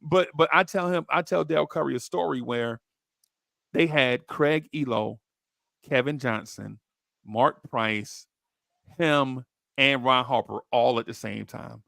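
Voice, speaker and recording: A man hosting a basketball podcast, telling stories in slangy, excitable chat and jumping into high voices when he quotes people. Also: slow, gravelly, no echo, clean studio sound. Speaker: podcast host. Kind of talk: animated storytelling chat.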